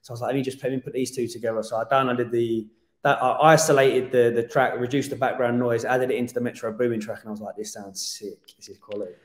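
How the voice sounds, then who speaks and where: A man chats as a podcast guest, animated and casual, with a habit of swearing and restarting sentences. His voice sits at a middling pitch, and the roomy studio leaves a noticeable echo. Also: quick pace. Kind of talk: casual interview chat.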